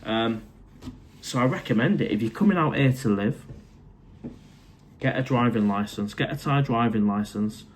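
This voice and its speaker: A man's voice: mid-range voice, moderate pace, long pauses, slight background noise. A middle-aged man from Manchester with a Mancunian accent, chatting casually on a live stream from his condo and answering viewers' comments in a matey way. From Manchester, England. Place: condo indoors.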